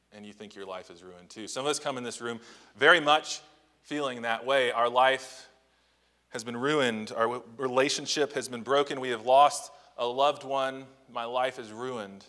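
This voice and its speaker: A man's voice: medium pitch, a bit bright, big-room sound. A male pastor delivering a Sunday morning sermon. His tone is conversational rather than formal, peppered with rhetorical questions. He drops his pace on the key lines to let them land. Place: church sanctuary.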